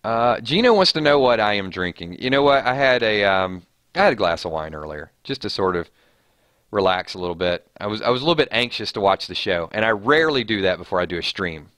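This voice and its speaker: A man's voice: lowish voice, lively intonation, a little fast, a bit bright, no room sound, clean studio sound. A man hosting a live stream, chatting casually and reading viewer comments aloud with frequent restarts.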